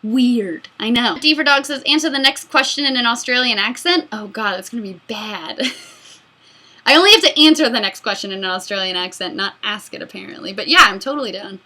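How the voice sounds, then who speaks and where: A woman in her mid-twenties hosting a casual fan Q&A, excitable and giggly, rambling between answers. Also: medium pitch, normal speed. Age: mid-20s. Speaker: YouTube host answering fan questions. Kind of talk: casual Q&A chat.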